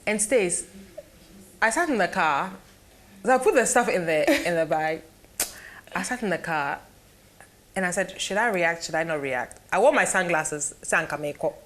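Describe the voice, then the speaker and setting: A woman's voice: lowish voice, moderate pace, long pauses. A Ghanaian woman, a guest chatting in an interview, telling stories and acting out the voices of people in them. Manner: animated storyteller acting out quoted voices. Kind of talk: casual interview chat.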